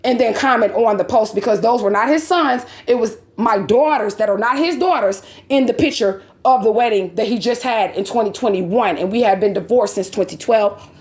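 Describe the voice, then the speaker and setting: A woman's voice: on the high side, normal speed, few pauses, darkish tone, roomy sound. A woman in her forties telling a story to her viewers and reading out messages, blunt and heated, swearing and asking repeated rhetorical questions. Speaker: vlogger.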